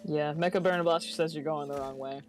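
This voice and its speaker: Young co-host, relaxed and giggly; mid-range pitch, reads chat, soft game music behind. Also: brisk. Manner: relaxed, laughs often, gives game tips. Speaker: co-host reading chat messages. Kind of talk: casual chat on a game stream.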